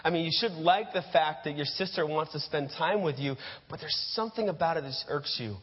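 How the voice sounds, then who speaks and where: Male preacher, second-person storytelling sermon; slightly high voice, dull recording from a church hall. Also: fairly quick, husky. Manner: addresses listeners as "you", acts out scenes.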